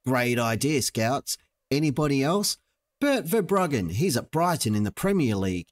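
Man, young adult, let's-play commentary, playful, jokey, mid-pitched voice. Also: animated, normal speed. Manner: playful, jokey, talks to the screen. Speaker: gaming channel host.

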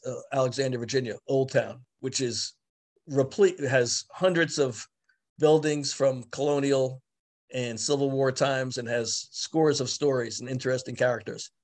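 Guy historian doing an online book talk, stops and restarts a lot, video call sound. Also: medium pitch. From the Bronx, New York. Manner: halting, many restarts and fillers. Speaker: author and historian.

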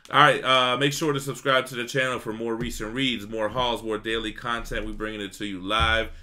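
A man's voice: medium pitch, little pitch movement, fairly quick, bright, forceful tone. A man hosting a casual comic book review, talking in laid-back slangy banter. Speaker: host.

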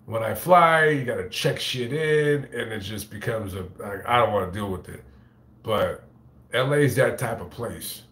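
A man's voice: lowish voice, moderate pace, a bit bright. Cussing, rambling man on an echoey recording. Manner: profane, rambling, stammering restarts. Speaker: YouTuber. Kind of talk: casual storytelling to camera, reading chat.

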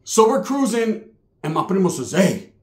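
Brief: high-pitched male comic storyteller, slangy and profane, recorded in an echoey room. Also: expressive, moderate pace. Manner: slangy, profane, punchy asides. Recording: roomy echo.

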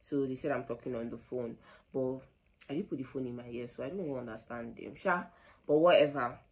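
A young Nigerian woman with a Nigerian accent, telling an animated storytime vlog, full of quoted back-and-forth and "like". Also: extremely low pitch, fairly quick, low-quality recording. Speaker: vlogger.

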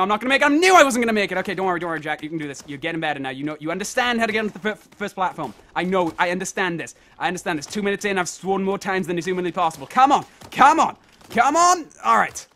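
Young male let's player, high and piercing, exasperated and foul-mouthed, talking to himself. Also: animated, quick pace, sharp tone. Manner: frustrated, swears constantly, talks to himself. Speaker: let's play host. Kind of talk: let's play commentary. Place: at home at his computer.

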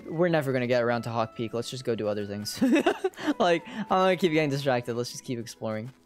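An excitable streamer giving casual gameplay commentary and joking at the screen. The pitch swings widely. Faint game music sits in the background.

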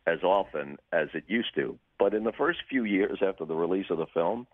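An older broadcaster telling dry, wry anecdotes with deadpan punchlines as a radio show guest. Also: male voice, low-pitched, a little fast, narrow, tinny audio. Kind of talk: storytelling in a radio interview.

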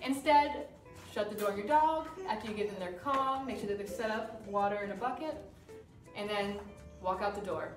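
A woman dog trainer explaining crate training in a calm, firm way while working with a dog. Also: mid-range voice, moderate pace. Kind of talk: instructional demonstration. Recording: roomy sound from a distance with music.

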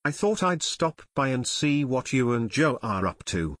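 A man's voice: medium pitch, sing-song, a little slow, fairly bright tone, dry recording. A stout, cheerful teenage boy who loves his food, read by a male narrator, joking and scoffing. The audiobook recording is dry and close.

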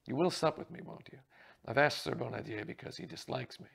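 A jovial male stage actor booms out his lines in a breezy, theatrical way, as a reader puts him on. The voice is gravelly and husky. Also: expressive, fairly quick, a bit bright, heavily acted.

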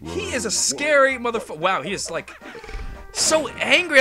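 A man giving casual, rambling commentary while playing a game, excitable and swearing freely. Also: very high-pitched, moderate pace, creaky. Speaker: gameplay commentator. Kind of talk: casual let's-play commentary. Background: game music.

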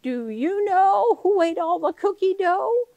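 A woman doing a high, worried cookie-baking mama. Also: animated, a little slow, warm tone, no room sound, muffled recording, full character voice. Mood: puzzled. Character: worried mother baking, asking friends.

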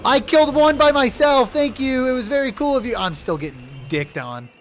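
A young man giving loud, profane let's play commentary, yelling at his game companion. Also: very high voice, moderate pace, soft background music. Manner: excitable, swears loudly, yells at his companion. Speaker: gaming video creator.

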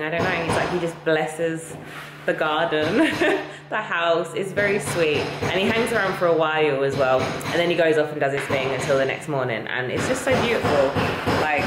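A woman talking casually to her camera in a garden, chatty and excitable, laughing often. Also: low voice. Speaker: vlogger. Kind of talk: casual home vlog. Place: outdoors in a garden. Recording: echoey with loud background noise.

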